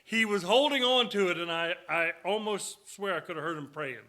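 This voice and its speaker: A man's voice: high voice, moderate pace, pushed and bright. A middle-aged man, a guest preacher giving a sermon full of joking, folksy stories in a church. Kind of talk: sermon with storytelling. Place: church sanctuary.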